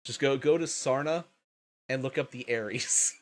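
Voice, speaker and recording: A man's voice: mid-range voice, a little slow. A man hosting a casual livestream, sleepy and tired, swearing often and laughing a lot. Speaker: livestream host.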